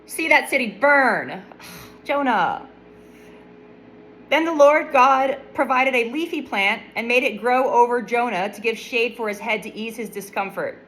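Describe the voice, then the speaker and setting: A woman's voice: a little high, unhurried, fairly bright tone, rough recording. Playful woman retelling Bible stories. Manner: playful, wry asides. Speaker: storyteller. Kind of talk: casual Bible story retelling with commentary.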